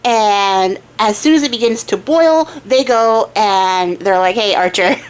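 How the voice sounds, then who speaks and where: Taking it slowly, this young woman speaks in an animated, medium-pitched voice that's clear and resonant. She hosts a crafting channel and casually retells a folktale as she works, full of giggles and chatty tangents.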